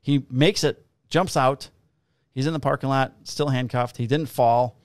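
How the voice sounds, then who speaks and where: Brief: male cop co-host, mid-pitched voice, swears freely, acts out the quotes, close dry mic. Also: a little slow, no echo. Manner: profane, animated storyteller who acts out quotes. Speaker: police officer and podcast co-host. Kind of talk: casual chat, storytelling.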